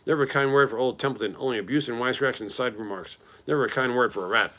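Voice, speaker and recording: A man's voice: medium pitch, quick pace, pushed and bright, close to an everyday voice. A man doing a sarcastic grumpy rat. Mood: mocking. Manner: sarcastic, mocking, complaining.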